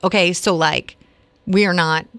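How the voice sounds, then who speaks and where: A woman in her forties, co-hosting a morning radio show and telling a story in an animated, chatty way. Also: on the low side, measured pace, dry recording. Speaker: radio co-host. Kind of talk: casual morning radio chat.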